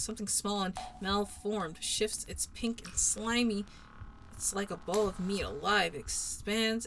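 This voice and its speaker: A woman's voice: mid-range voice, gravelly, rough recording. Woman streamer, dramatic game narration, music under it. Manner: dramatic narration with casual asides. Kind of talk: dramatic read-through of a game.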